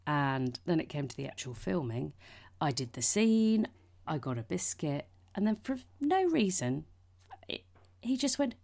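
A woman's voice: deep voice, big pitch swings, unhurried, darkish tone. A woman in her forties, hosting a podcast and telling rambling, sweary anecdotes with lots of asides. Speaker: podcast host. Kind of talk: casual chat.

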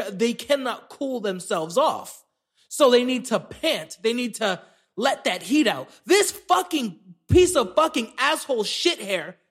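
A man with a very high voice hosts a solo comedy podcast. He rants with heavy profanity and indignation. His delivery is slow and drawn out. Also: fairly bright tone. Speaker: podcast host.

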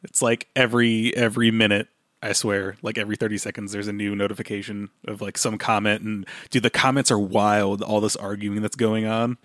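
A man co-hosting a podcast in casual chat, rambling and excitable, with sarcastic asides. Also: on the low side, brisk, no echo, clean studio sound. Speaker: podcast co-host.

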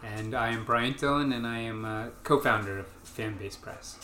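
A man's voice: mid-range voice, normal speed, sharp tone. A man guest on a podcast who makes brief, dry remarks. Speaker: guest, comics publisher co-founder. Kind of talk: casual interview chat. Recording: echoey, noisy room.

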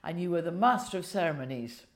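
A woman's voice: lowish voice, animated, fast talker. A woman interviewing a guest, chatting casually and reminiscing. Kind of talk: casual chat.

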